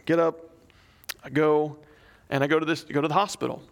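A man's voice: fairly high pitch, little pitch movement, normal speed, creaky. A young adult man preaching a sermon, reading a prayer aloud and telling a story in an earnest, conversational way. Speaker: pastor.

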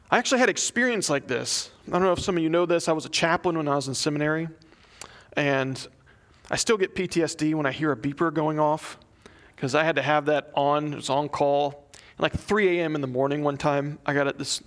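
A man's voice: on the high side, a little fast, a bit bright. A young adult man preaching a sermon, reading a prayer aloud and telling a story in an earnest, conversational way. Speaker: pastor.

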